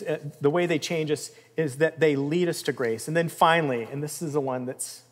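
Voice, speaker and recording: Earnest man preaching in a reverberant hall. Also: a little high. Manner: earnest, emphatic, with swells of intensity and soft drops. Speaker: pastor. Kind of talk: sermon. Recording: long reverb of a large room.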